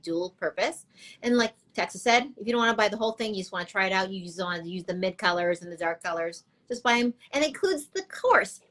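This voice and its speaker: A woman's voice: mid-range voice, a bit bright. A woman appearing as a guest on a casual live video chat, who talks in a reassuring, coaching way over a video call mic. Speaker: guest, pigment brand founder.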